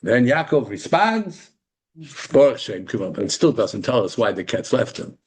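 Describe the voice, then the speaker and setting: A man's voice: medium pitch, big pitch swings, moderate pace, husky. A man teaching a Torah class to a live group, asking rhetorical questions and answering them himself, with Hebrew terms woven into English.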